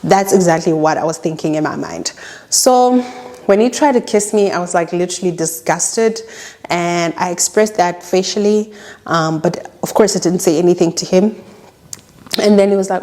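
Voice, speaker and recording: South african girl telling a dating story, kinda low voice, jumps up high when she acts stuff out. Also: normal speed. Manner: animated, acts out quoted lines with pitch jumps. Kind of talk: casual storytime monologue.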